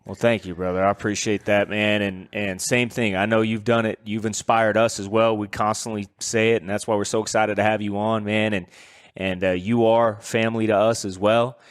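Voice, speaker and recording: A man with a lowish voice hosts a podcast in a dry, close-sounding room. He is effusive and full of praise, and calls his guest brother and dude. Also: little pitch movement, moderate pace, clear, resonant tone, no room sound. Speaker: podcast host. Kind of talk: casual interview chat.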